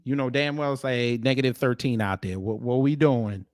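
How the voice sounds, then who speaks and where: A man's voice: mid-range voice, fairly even intonation, moderate pace, no echo, studio quality. A man hosting a livestream, giving casual reaction commentary and repeating short phrases. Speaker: livestream host.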